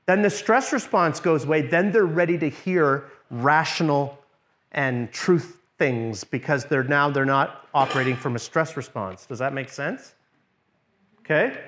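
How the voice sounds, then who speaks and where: A middle-aged man teaching a workshop to a church group, his voice sitting a little high for a man. He talks to the room in a conversational way and keeps checking that people follow. When he models what to say, he drops into a soft, low voice. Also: expressive, measured pace.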